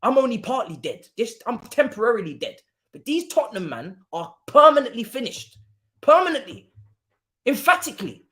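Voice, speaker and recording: A man's voice: extremely high pitch, a little fast. A man, hosting a football watchalong stream and ranting to mock the rival fans. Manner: animated, mocking rival fans.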